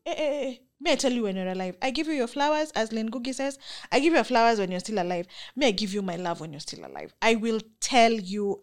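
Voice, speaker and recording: A woman's voice: on the high side, big pitch swings, a little fast. Earnest young Kenyan woman vlogging. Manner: earnest, emphatic, faith-filled. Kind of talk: reflective personal monologue.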